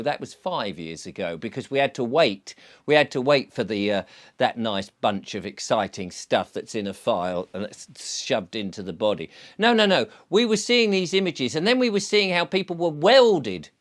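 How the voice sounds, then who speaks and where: A middle-aged man talking straight into a close mic, in a casual monologue. His voice swings up and down expressively as he spins sarcastic anecdotes. He slips into little voices to act out the scenes. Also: a little high. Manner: sarcastic, animated storyteller acting out scenes. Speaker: channel host.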